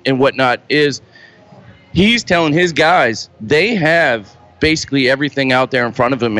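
A former football player talks earnestly about the game as a guest analyst. His voice sits at an everyday pitch, and he speaks with firm emphasis. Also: fairly bright tone, low-quality recording. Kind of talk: casual sports talk.

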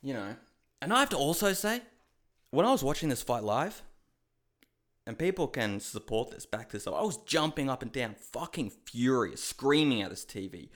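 A man's voice: mid-range voice, normal speed. A man giving a casual, profane fight recap monologue, ranting and calling his viewers "guys.". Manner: animated, shouts reenacted outbursts. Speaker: MMA commentary host.

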